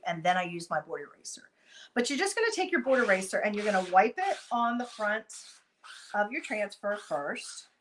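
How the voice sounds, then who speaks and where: A woman giving a chatty live-stream craft tutorial, talking viewers through each step while she works and breaking off for quick asides. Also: mid-range voice, a bit bright, poor audio. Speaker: craft demonstrator.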